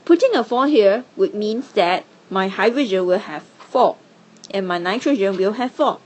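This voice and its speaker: A woman's voice: medium pitch, lively intonation, normal speed, darkish tone. A woman teaching chemistry, explaining step by step in a patient, encouraging way. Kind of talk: classroom lesson.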